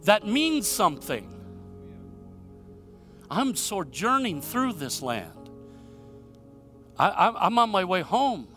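A man from Michigan preaching a sermon, telling stories and asking rhetorical questions, swinging between loud emphasis and hushed moments. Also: high-pitched, big pitch swings, slow pace, long pauses, soft background music. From Michigan, USA. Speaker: pastor.

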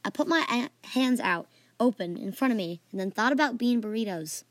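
A woman's voice: a little high, animated, normal speed, dry recording. A woman narrating a playful, made-up adventure story in a casual way, adding sound effects and asides.

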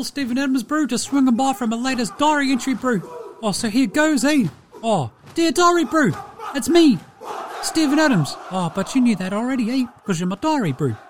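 A man doing an impression of a laid-back male New Zealand basketball player, with a put-on New Zealand accent and a slow, easygoing drawl. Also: high voice, slight background noise, pitched above the performer's own voice. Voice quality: laid-back drawl, ends phrases with "brew" and "eh". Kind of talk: comedy impression sketch.

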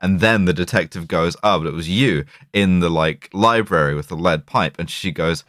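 A man's voice: low-pitched, normal speed, dry recording, studio quality. A man co-hosting a film podcast, joking and retelling scenes in a casual chat. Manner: jokey, animated retelling of scenes. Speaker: podcast co-host.

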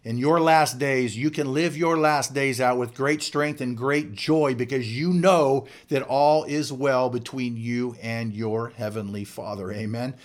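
Male preacher, mid-pitched voice, earnest and emphatic, building through repeated lines. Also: steady tone, a little slow, hardly any pauses. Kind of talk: sermon.

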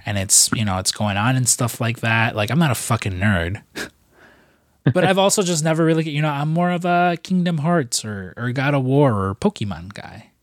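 A young man tells loose, profane stories on a podcast, breaking into quick imitations of other people. His voice sits at an ordinary middle pitch, and the sound is close and dry with no room echo. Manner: rambling, profane, jokey storytelling with put-on quotes. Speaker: podcast co-host. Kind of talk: casual podcast chat.

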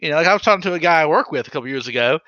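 A man's voice: a little high, lively intonation, very fast, sharp tone, dry recording, lo-fi sound. A man hosting a podcast in casual chat, rambling loosely with fillers and casual swearing. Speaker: podcast host.

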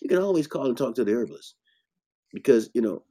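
Male herbalist host, blunt and preachy, mellow dark tone, emphatic bursts. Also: medium pitch, animated, fast. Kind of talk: casual health talk.

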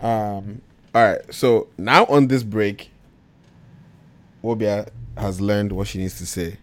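A man's voice: fairly low pitch, steady tone, takes it slowly, dry recording. A man hosting a casual talk radio show, laid-back and slangy, laughing often.

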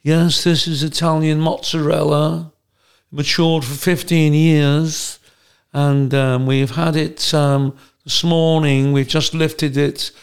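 A man voicing a formal cheese shop manager who speaks in measured, polite salesman patter. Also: on the high side, little pitch movement, smooth.

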